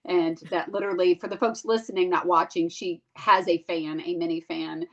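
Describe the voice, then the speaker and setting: A woman's voice: on the low side, steady tone, normal speed. A woman co-hosting a podcast, asking long rambling questions with many fillers. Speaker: podcast co-host. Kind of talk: casual podcast interview. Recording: dull lo-fi sound.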